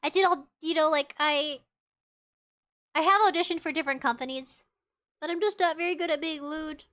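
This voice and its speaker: High bright-voiced young woman streamer. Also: moderate pace. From Southern United States. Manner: chatty, rambling, reads chat aloud. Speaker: VTuber streamer. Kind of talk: casual live-stream chat.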